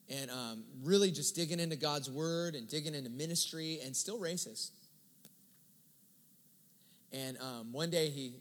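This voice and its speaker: A man preaching a sermon, telling a story in a casual, lively way and acting out the dialogue. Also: medium pitch. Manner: conversational, animated retelling with quoted dialogue. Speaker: pastor. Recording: long hall reverb.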